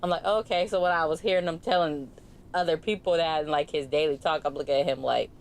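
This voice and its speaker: A woman's voice: low voice, fast. A woman in her thirties with a Bay Area Californian accent, co-hosting a podcast and telling stories in a casual, slangy way, acting out what other people said. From San Francisco Bay Area. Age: 30s. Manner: animated, slangy, acts out other people's lines. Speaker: podcast co-host. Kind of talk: casual storytelling chat.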